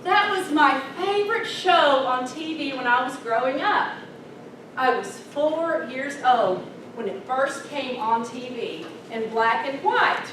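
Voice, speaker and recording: A woman in her fifties giving a humorous Toastmasters speech, animated, breaking into song and acting out characters. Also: high-pitched, slow. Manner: animated, sings snatches and acts out characters. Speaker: Toastmasters speaker. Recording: echoey hall, distant mic, noisy.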